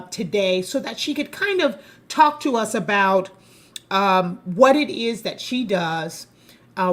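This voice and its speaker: A woman hosting a podcast in casual chat, animated and emphatic, talking up her guest with bursts of excitement. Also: medium pitch. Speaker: podcast host.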